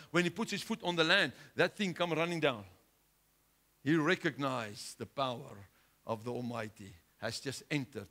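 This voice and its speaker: Bright-voiced impassioned male preacher. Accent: South African. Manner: impassioned preaching, rising loud then dropping low. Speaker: pastor. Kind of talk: sermon.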